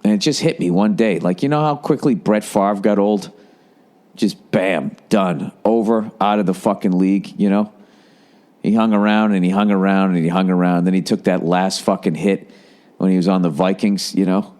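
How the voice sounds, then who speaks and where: A middle-aged man with a lowish voice tells a long story on his podcast. He rambles, swears a lot, and breaks into animated impressions. A cough he can't shake hangs over his talk. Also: normal speed. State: lingering cough. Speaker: podcast host. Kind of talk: casual storytelling monologue.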